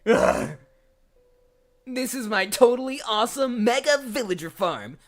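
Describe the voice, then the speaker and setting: A voice actor playing an immature, goofy young man from a game who loves showing off, loud and whiny. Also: medium pitch, pitched above the performer's own voice, full character voice.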